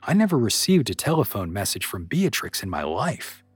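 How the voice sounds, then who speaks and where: A man doing a quiet, gentle young man. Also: fairly low pitch, very animated, moderate pace, slightly rough, no room sound, studio quality, soft background music.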